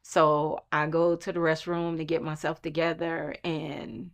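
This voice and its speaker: A woman gives an earnest, emphatic personal testimony about her long lawsuit. Her voice sits low with a level tone, and she speaks unhurriedly with hardly any pauses.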